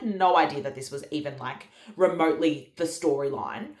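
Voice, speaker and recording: A woman's voice: low voice, a little fast, few pauses. A woman casually telling her birth story, candid and swearing, acting out her own past lines. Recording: echoey room.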